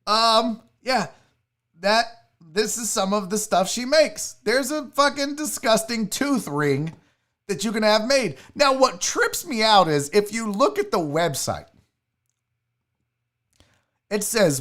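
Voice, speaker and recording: A man's voice: extremely high pitch, a bit bright. A man hosting a live comedy stream, ranting with profanity and disbelief while reading the chat aloud. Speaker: live show host.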